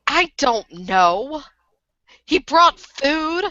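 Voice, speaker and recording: A woman's voice: sits high, sing-song, very slow, sharp tone, no echo, highs cut off, voice pushed up, exaggerated voice. A woman voicing a tired, blunt female police detective in a curt manner.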